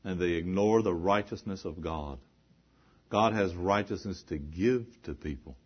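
A man's voice: low voice, measured pace, slightly rough. A male preacher delivering an emphatic sermon, repeating phrases and posing rhetorical questions. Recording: dull lo-fi recording.

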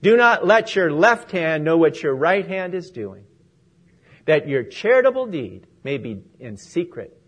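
A man's voice: on the high side, very animated, a little slow. A man preaching a sermon and closing in prayer, earnest and emphatic. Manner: earnest, emphatic, with rising and falling stresses.

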